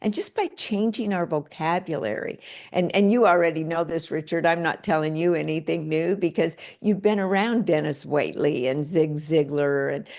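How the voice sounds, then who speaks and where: A middle-aged woman author talking in an interview, animated, acting out quoted phrases in different voices. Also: low-pitched, moderate pace, gravelly. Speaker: author and guest. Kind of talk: interview conversation.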